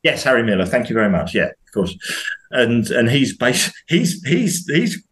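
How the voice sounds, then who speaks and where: A man's voice: medium pitch, moderate pace. A man from the UK, a podcast guest, talking casually with many restarts and indignant rising questions. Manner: animated, hesitant restarts, rises sharply when indignant. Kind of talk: casual conversation.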